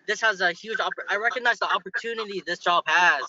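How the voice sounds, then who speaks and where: A man's voice: high voice, fairly quick, few pauses, pushed and bright. A young man speaking earnestly on a team call about what motivates him. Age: young adult. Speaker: salesperson being promoted. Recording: dull lo-fi call audio.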